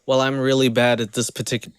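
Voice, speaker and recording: A man streaming a reaction video, commenting in a mocking, animated, casual way. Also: mid-range voice, fast, clear, resonant tone, dry recording, clean studio sound.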